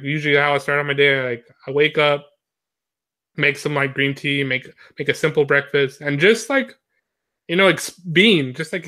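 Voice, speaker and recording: This is a casual chat from a young man whose bright, forceful voice sits a bit high for a man. He rambles through his thoughts, filling gaps with many fillers and laughing a lot.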